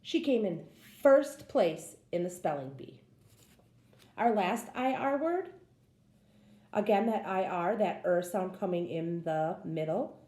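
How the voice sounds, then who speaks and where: Slow, patient woman teaching phonics. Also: on the low side, lively intonation, dark tone, reverberant. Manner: slow, patient sounding-out of words. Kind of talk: phonics lesson for children.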